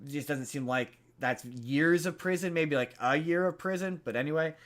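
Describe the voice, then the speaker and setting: Man, podcast host, casual chat, rambling, lots of fillers, fairly high voice. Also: moderate pace, fairly bright tone. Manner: rambling, many fillers and restarts. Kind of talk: casual chat, retelling a movie plot.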